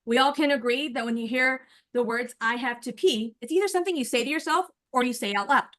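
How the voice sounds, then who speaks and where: A woman in her forties speaks over a video call with a slightly high, bright-toned voice. She is animated and chatty, talking straight to her listeners as a coach would. Her manner shifts into rehearsing a prepared speech. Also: fast. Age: 40s. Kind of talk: casual chat, then rehearsing a speech.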